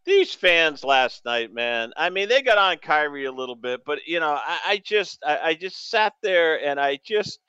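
A man from New England hosts sports radio, rambling excitably and stammering through his restarts. His voice is bright, crisp and a little high, heard on dry, slightly dull radio audio. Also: normal speed, hardly any pauses, dry recording.

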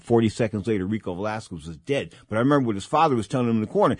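A male boxing radio host talking excitedly and rambling, repeating himself as he comments on fights. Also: on the low side, rapid-fire, few pauses, husky, no echo, clean studio sound, soft background music.

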